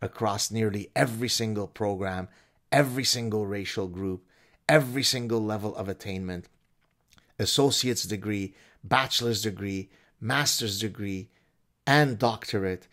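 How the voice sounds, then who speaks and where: A man's voice: lowish voice, normal speed, fairly bright tone. A man hosting a commentary show, reading aloud with sarcastic, mocking asides. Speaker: host.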